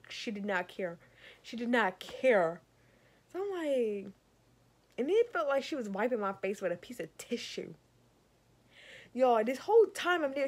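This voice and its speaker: A young woman, telling an exasperated storytime rant to her viewers, often calling them y'all. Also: on the high side. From Savannah, Georgia. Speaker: vlogger.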